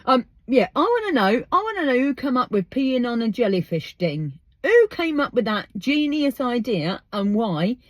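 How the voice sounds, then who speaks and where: A woman's voice: on the high side, very animated, moderate pace, dry recording. An English woman hosting her podcast outdoors, chatting emphatically and firing off rhetorical questions. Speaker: podcast host. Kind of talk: casual monologue.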